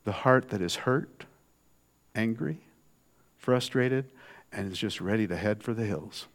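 A man preaching a sermon in a conversational way, swinging from soft, low asides to loud, emphatic lines. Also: a little slow.

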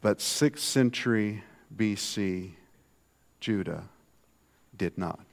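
A man preaching a sermon in a conversational way, swinging from soft, low asides to loud, emphatic lines. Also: slow pace, creaky.

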